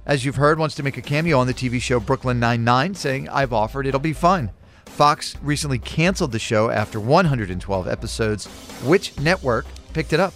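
A man's voice: mid-range voice, expressive, fairly quick, fairly bright tone, faint music behind. A man hosting a radio quiz segment in the studio, reading trivia questions in an upbeat, punchy way. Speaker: radio show host.

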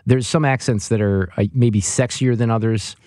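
A male radio host talks in a loose, joking way, tossing in asides as he goes. His voice sits at an average pitch, and the studio mic sounds close and dry, with no room around it. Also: fairly even intonation, mellow, dry recording. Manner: jokey, chatty, quick asides. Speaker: radio talk show host. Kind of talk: casual radio chat.

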